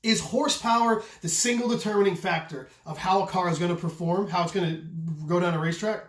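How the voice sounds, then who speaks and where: A man who runs a knife channel, talking loudly and passionately in a casual rant, swearing freely and asking rhetorical questions. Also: high voice, fast talker. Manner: loud, passionate, voice carries; profane, repetitive restarts, rhetorical questions. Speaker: custom knife maker and channel host. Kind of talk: casual opinion rant to camera. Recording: echoey room.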